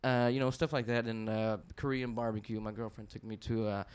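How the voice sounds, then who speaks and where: A man with a deep Texas drawl talks casually as a podcast guest. His voice sits a little low, and he keeps spinning easygoing comic stories with laughs in between. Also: little pitch movement, a little fast, clean tone. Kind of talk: casual chat.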